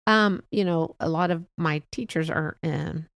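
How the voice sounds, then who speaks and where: A woman's voice: low voice, measured pace, creaky, dry recording, studio quality. A woman in her sixties hosting a solo podcast, talking in a rambling, heartfelt way with frequent small chuckles. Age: 60s. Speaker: podcast host. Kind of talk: casual solo podcast monologue.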